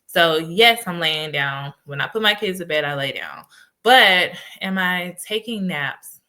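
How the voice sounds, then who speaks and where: A woman hosting a podcast, talking casually and telling stories in an animated way. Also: lowish voice, a little slow. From United States. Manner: animated storytelling with laughs. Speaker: podcast host and life coach. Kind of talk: casual solo podcast talk.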